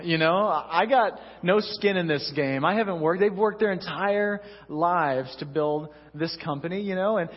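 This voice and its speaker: A young male pastor delivers a chatty, story-driven sermon in a slightly high, husky voice. The sound is dull and lo-fi, with a long hall reverb around him. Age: young adult. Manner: conversational storytelling, frequent "you know". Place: church sanctuary.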